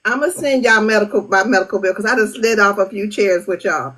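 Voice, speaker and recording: A woman's voice: mid-range voice, quick pace, fairly bright tone, poor audio. A woman hosting a podcast, joking playfully in slangy casual talk with her guest. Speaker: podcast host.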